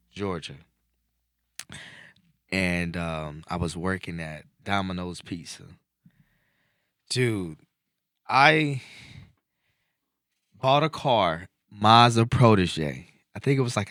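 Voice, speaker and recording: A man with a low voice hosts a casual podcast chat. He tells a personal story with growing animation. The sound is dry and close. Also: dry recording. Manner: animated storyteller, voice climbing when excited. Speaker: podcast host.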